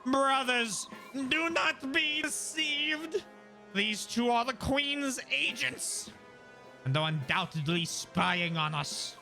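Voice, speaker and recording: A man voicing a fiery rebel leader who rouses a mob with slow, grand speeches. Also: extremely high pitch, expressive, creaky, pushed and bright, soft background music, voice pushed up, full character voice. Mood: rousing.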